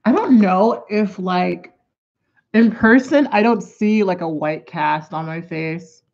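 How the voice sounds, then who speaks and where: A woman's voice: lowish voice, takes it slowly, gravelly, darkish tone. Rambling, profane woman vlogger, lo-fi sound. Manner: rambling and profane, drifting into asides while doing makeup. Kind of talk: casual storytime vlog.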